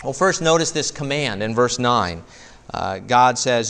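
A man preaching as a pastor, earnest, slowing down on key phrases and often repeating a word as he starts a thought. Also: medium pitch, expressive, a bit bright, long reverb tail. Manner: slows down on key phrases for emphasis. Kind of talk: sermon.

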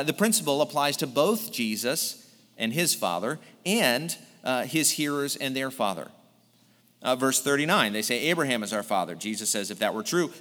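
A man's voice: mid-range voice, a bit bright. A male pastor preaching an earnest sermon, explaining a text verse by verse. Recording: long hall reverb.

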